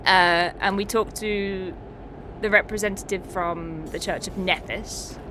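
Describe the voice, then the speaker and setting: A woman's voice: mid-range voice, fairly even intonation, a little slow, background noise. A woman streamer chatting casually, swearing and laughing often as she recaps a tabletop game.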